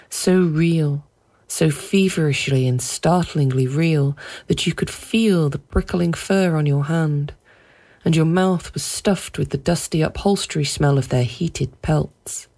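A woman reads a story aloud with a deep, low voice. She tells it in a measured way that lingers on vivid detail. Her delivery stays steady and unhurried through long, flowing sentences. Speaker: narrator. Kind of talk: audiobook narration.

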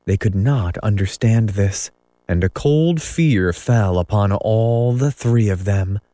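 A man reading a children's story aloud as narrator, in measured storytelling. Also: fairly low pitch, mellow, no room sound. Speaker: audiobook narrator. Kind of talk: scripted narration.

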